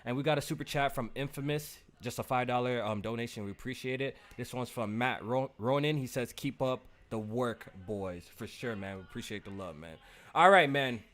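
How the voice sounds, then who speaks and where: A man's voice: medium pitch, fairly quick, fairly bright tone. A man hosting a casual gaming podcast, reading out viewer comments in a laid-back way. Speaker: podcast host. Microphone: low mic level.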